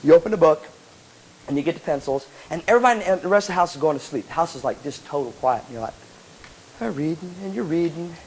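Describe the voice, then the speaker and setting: A man giving a playful, animated motivational talk to student band members, acting out little scenes, recorded live in a hall with a crowd. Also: a little high, very fast. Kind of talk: lively motivational seminar talk. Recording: noisy live tape with audience laughter. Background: audience laughter and chatter.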